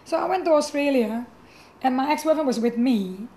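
A middle-aged woman pastor with a high voice tells her own story. She speaks animatedly, often restarting her sentences and acting out what others said. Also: normal speed. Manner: animated, acts out quoted voices, frequent restarts. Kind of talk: personal testimony storytelling.

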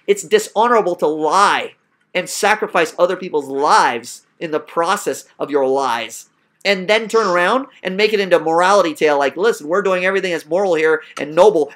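A man hosting a casual podcast discussion, making his points in an emphatic, argumentative way. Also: a little high. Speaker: podcast host.

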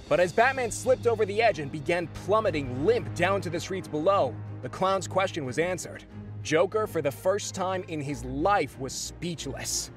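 Brief: high-pitched male narrator, lively swooping delivery, dramatic comedic storytelling, faint music bed. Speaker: comic narrator.

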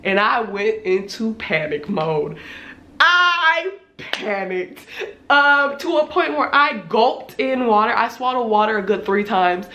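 A woman in her twenties, a little hoarse, retelling a scary experience in a casual, animated storytime vlog, swearing freely. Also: fairly high pitch, a little slow, few pauses, reverberant, dull audio, a little hiss or hum. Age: 20s. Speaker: vlogger.

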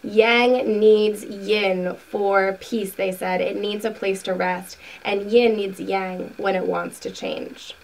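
A woman hosting a spiritual video, reading a book passage aloud slowly and earnestly, then talking casually to her viewers. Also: mid-range voice, steady tone, vocal fry, recorded from a distance, low-quality recording. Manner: slow, soft, earnest reading with asides.

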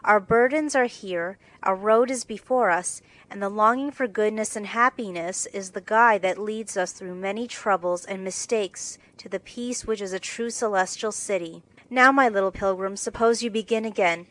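A woman narrator voicing a cheery, gentle mother speaking to her daughters. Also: medium pitch, normal speed, few pauses, natural voice, rough recording. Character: warm, cheery mother of four girls.

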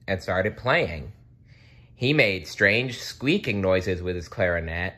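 A man reading a children's picture book aloud, expressive, with slips he corrects. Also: low-pitched, slow. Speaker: storybook reader.

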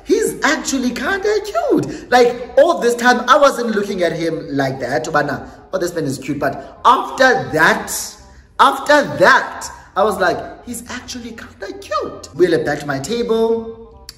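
A young South African woman telling a storytime on her vlog in a lively way, slipping Xhosa phrases into her English. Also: lowish voice, measured pace. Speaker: YouTuber. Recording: echoey room with faint music.

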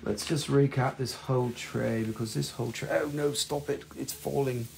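Gravelly folksy man. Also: mid-range voice, fairly even intonation, normal speed, background noise. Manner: folksy, rambling, self-joking. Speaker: host of a live mineral sales show. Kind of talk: casual live selling chat.

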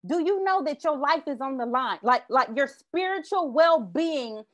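A woman with a fairly high voice preaches through a childhood story. She builds her points by repeating short refrains, and she speaks to her listeners directly. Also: animated, moderate pace. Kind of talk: sermon with personal story.

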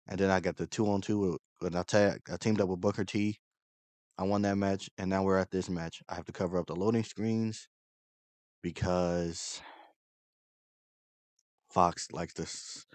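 A man's voice: deep voice, darkish tone, no room sound. A young man commentating his own gameplay, angry and frustrated, swearing constantly. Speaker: gaming channel host.

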